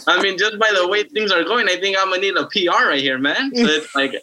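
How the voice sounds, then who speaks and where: A man appearing as a guest on a casual podcast, animated and joking, often poking fun at himself. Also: sits high, fast, noisy background. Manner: joking, animated, self-mocking.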